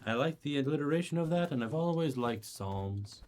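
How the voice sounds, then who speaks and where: A man's voice: a little high, animated, normal speed, darkish tone. A man co-streaming a game, chatting casually and dropping dry quips. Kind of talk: casual chat over gameplay.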